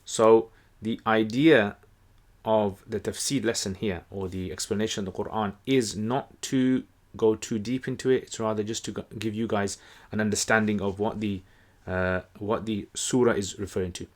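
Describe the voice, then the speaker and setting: A man explains a text in a relaxed, conversational teaching manner. His voice sits a little low, and he pauses often with fillers and restarts mid-sentence. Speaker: Quran teacher. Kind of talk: casual explanatory lesson.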